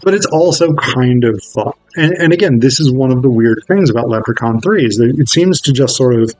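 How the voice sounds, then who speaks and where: A man's voice: medium pitch, expressive, fairly quick, a little mellow, no room sound, poor audio. A man reviewing a film in a casual, wry video essay, swearing freely as he talks.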